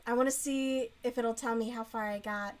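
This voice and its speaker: High-voiced woman chatting bluntly. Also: steady tone, normal speed. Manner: blunt, frank, mocking book review with laughs. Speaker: streamer. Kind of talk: casual chat while crocheting.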